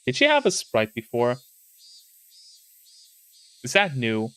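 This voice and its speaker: A man's voice: medium pitch, wildly swooping pitch, takes it slowly, a bit bright, clean tone, no echo. A man streaming live, chatting and rambling while reading a visual novel aloud. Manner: rambling, self-interrupting.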